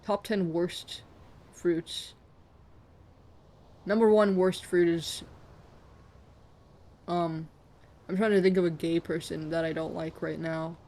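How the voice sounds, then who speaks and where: A game streamer rambling through a late-night live session, cracking jokes and laughing at their own bits. Talks loosely to chat, in a mid-pitched, everyday voice. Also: fairly even intonation, slow, long pauses, darkish tone. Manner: joking, rambling, laughs often.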